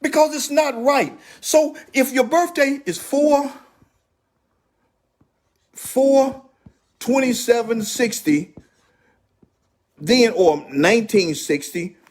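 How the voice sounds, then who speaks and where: Hosting a relaxed credit repair livestream, this man has a high-pitched voice with a darkish tone. He talks straight to viewers, pressing his points emphatically and repeating himself.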